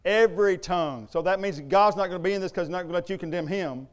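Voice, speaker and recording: Smooth-voiced male preacher. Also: high voice, fast talker. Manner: emphatic, conversational preaching with rhetorical questions. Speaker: pastor. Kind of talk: sermon.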